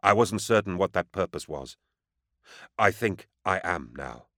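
A man voicing a grim, dutiful male warrior captain who speaks in a firm, deliberate, commanding way. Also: deep voice, expressive, a bit bright, dry recording, studio quality, exaggerated voice. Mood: resolute.

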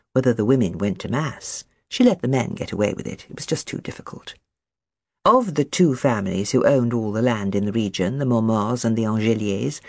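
An audiobook narrator reading a novel chapter in an expressive, varied manner. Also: mid-range voice, no echo, studio quality.

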